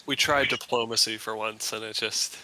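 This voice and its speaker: A man's voice: lowish voice, fairly even intonation, normal speed, a crowd in the background. A man playing a tabletop game, talking casually and joking. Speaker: player.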